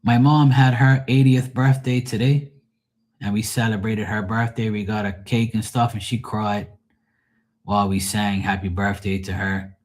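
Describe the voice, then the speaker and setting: Deep-voiced grieving man chatting live. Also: level tone, moderate pace, darkish tone. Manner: rambling, frank, swears freely. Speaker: livestream host. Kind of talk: casual chat with live viewers.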